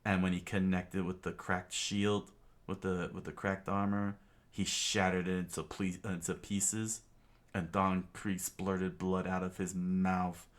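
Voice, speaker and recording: A man reading a comic aloud in a casual way, halting with restarts and fillers. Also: low voice, level tone. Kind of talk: casual comic read-along.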